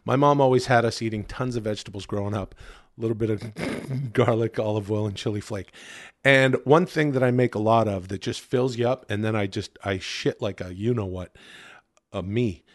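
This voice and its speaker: A middle-aged man co-hosting a comedy podcast, joking loudly and riffing in playful rants. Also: on the low side, normal speed, no room sound, clean studio sound. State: sore ribs, pained when coughing. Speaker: podcast co-host. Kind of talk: casual comedic podcast banter.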